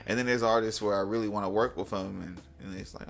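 A young man, a music producer, talks as a guest in a casual interview. He tells animated stories and often mimics other people's lines in a raised voice. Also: on the low side, fast talker, vocal fry.

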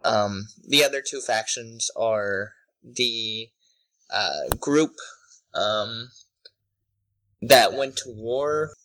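A young man co-hosting a podcast in casual chat, relaxed and self-deprecating, rambling with fillers. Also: medium pitch, extremely slow, pauses often, slight background noise, poor audio. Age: young adult. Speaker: podcast co-host.

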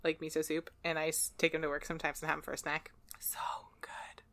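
A woman co-hosting a podcast in casual chat, relaxed and trailing off softly at the ends of phrases. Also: deep voice, fast talker. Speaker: podcast co-host.

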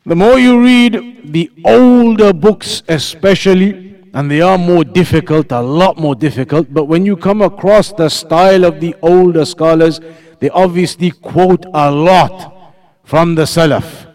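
A man's voice: a little high, measured pace, darkish tone. A man teaching an Islamic lesson, explaining points patiently, repeating them and putting questions to his students.

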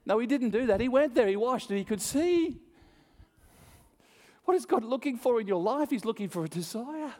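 Animated preacher in a reverberant hall. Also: male voice, extremely high pitch, normal speed. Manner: animated storytelling, acts out voices, laughs often. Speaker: pastor. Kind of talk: sermon.

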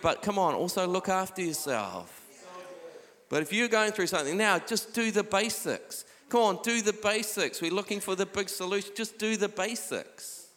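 A middle-aged male pastor delivering a sermon in a church hall, pressing his listeners with repeated urgings and softening when he reads scripture. His voice sits a touch high for a man, and a long reverb trails behind every phrase. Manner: urging, repeats "come on", drops to quiet when reading scripture.

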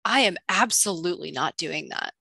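A woman co-hosting a podcast, chatting casually as she recaps a book with quick asides. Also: fairly low pitch, animated, gravelly, bright, forceful tone, breathy edge, no room sound. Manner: chatty, quick asides, reads clues aloud. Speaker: podcast co-host.

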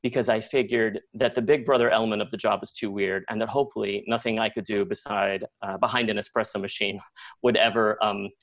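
A middle-aged man telling a personal story on live radio, conversational and animated, with many likes and acted-out quotes. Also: on the low side, fairly quick. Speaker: storyteller guest.

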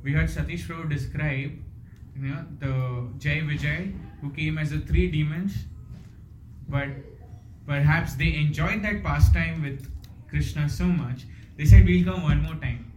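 A man's voice: on the high side, fairly even intonation, unhurried, darkish tone. A man giving a devotional storytelling talk, earnest and full of rhetorical questions. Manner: earnest, fond of rhetorical questions and "you know". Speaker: devotional speaker. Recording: echoey hall with faint noise.

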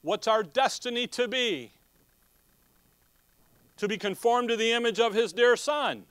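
A man's voice: very high-pitched, unhurried, a bit bright, clear, resonant tone, no echo. A man preaching a Bible teaching sermon who asks his listeners questions and answers them himself, with joking asides. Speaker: pastor.

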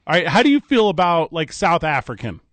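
A high-pitched man co-hosting a studio talk show, trading jokes with his partner. His voice leaps up and down as he talks. The sound is close and dry, with no room around it. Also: no room sound. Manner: animated, joking, quick asides. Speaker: co-host. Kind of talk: casual radio show banter. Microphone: studio mic.

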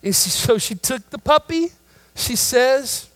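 A man preaching a sermon, telling a story that builds into loud, emphatic preaching. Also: very high-pitched, animated, unhurried, no room sound, low-quality recording. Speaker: pastor.

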